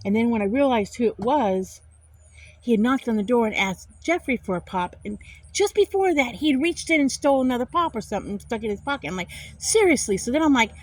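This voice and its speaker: A woman's voice: on the high side, fast, no echo. A middle-aged woman, telling an angry story to the camera in a casual vlog and repeating herself for emphasis. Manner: animated, indignant retelling with repeated phrases. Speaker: vlogger.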